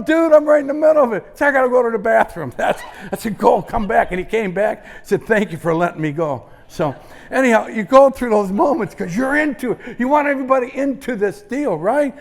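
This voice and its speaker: An older man from Indiana giving a motivational keynote, telling a story in punchy bursts that drop to hushed asides and jump to loud outbursts. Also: very high-pitched, gravelly. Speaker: motivational speaker. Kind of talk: keynote speech. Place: conference stage before a live audience.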